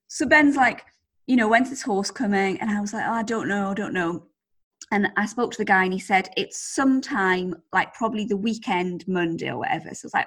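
A woman co-hosting a podcast, telling a story in casual, animated chat with plenty of swearing. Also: mid-range voice, a little fast. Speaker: podcast co-host.

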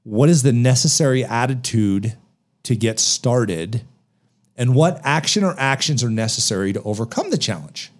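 A man's voice: medium pitch, lively intonation, moderate pace. A man speaking on a podcast about a book of motivational advice, emphatic and full of rhetorical questions. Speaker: podcast guest author.

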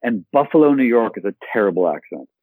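A man's voice: fairly low pitch, very animated, quick pace, slightly rough, dry recording, narrow, tinny audio. A man from Michigan, a guest actor on an interview podcast, telling stories with playful acted-out asides. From Michigan, USA.

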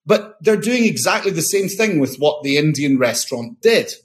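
A man's voice: a little high, animated, normal speed. A man, a company founder, talking casually and enthusiastically as a podcast guest, often restarting and repeating words. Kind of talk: casual interview talk.

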